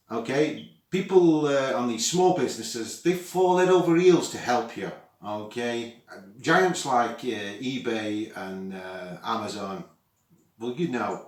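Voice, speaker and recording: A British man giving a casual, chatty product review with exasperated asides to his viewers. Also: fairly low pitch. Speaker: astronomy gear reviewer. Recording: echoey room.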